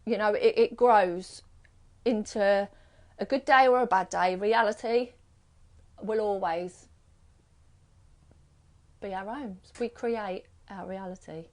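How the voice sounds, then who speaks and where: A middle-aged British card reader hosts a live stream, chatting casually and wandering through strings of rhetorical questions. She takes it slowly at medium pitch and pauses often.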